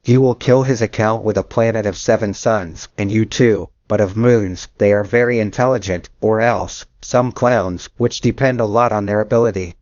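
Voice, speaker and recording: A man reading the lines of a cocky, mocking old male demon god in a flat storybook narration, taunting and unhurried. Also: fairly low pitch, dry recording, lightly acted. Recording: dull lo-fi dry audio.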